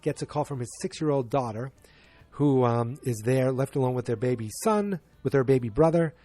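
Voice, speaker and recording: A man's voice: medium pitch, moderate pace, dark tone, faint music behind. A man hosting a podcast, talking through a movie's plot in a rambling way, often correcting himself and acting out the characters' lines. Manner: rambling, self-correcting, acts out quoted lines. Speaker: podcast host. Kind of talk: casual movie review monologue.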